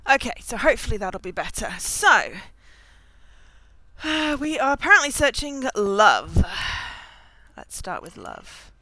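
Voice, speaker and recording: A woman's voice: a little high, very animated, unhurried, sharp tone, no room sound. A woman streaming a video game from home, chatting casually and making wry remarks at the screen through a desk mic. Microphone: desk mic, levels uneven.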